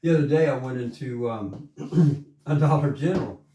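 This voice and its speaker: A singer and storyteller from coastal Georgia, USA, speaks at normal speed in a mid-range, dark voice, telling a relaxed folksy story that gives way to a country song. Guitar music accompanies him, and the sound is roomy and distant.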